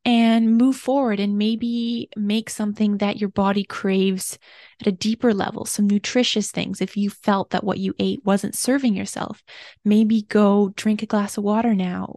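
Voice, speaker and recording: A woman hosting her own podcast, talking gently and earnestly through a personal, confessional reflection at home. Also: mid-range voice, dry recording, clean studio sound. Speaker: podcast host.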